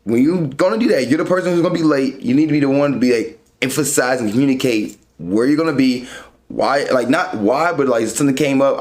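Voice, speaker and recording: A young man talks through dating questions in a loose, conversational way. He is frank and direct and moves from one question to the next. His voice sits at an ordinary middle pitch for a man. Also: a little fast, a little mellow. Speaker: dating advice host. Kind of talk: casual advice talk.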